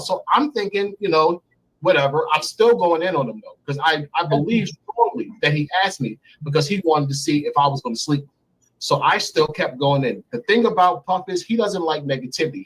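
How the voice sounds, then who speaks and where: A man in his thirties, recounting a story candidly and profanely in an interview, getting animated as he goes. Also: brisk, a little hiss or hum, poor audio. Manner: animated, profane, climbs high when excited. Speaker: interview guest. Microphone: remote stream mic.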